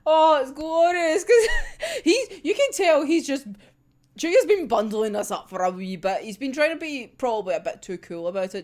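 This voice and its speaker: High, lively, giggly young-sounding woman. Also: normal speed. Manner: giggly, sweary, animated storytelling. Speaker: manga reaction vlogger. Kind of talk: casual chatty recap.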